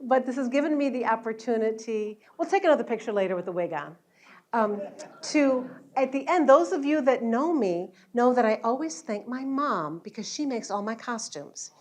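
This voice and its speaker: A woman's voice: fairly high pitch, lively intonation, moderate pace. A woman, an educational entertainer, chatting and telling stories to an audience at an event after her show. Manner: chatty, warm storytelling with laughs. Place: event hall at a luncheon.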